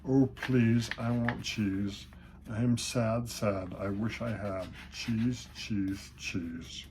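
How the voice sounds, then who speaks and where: A man's voice: lowish voice, fairly even intonation, extremely slow, background noise. A man voicing a small, hungry male church mouse who fusses and writes little poems. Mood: plaintive. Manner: pleading and fretful.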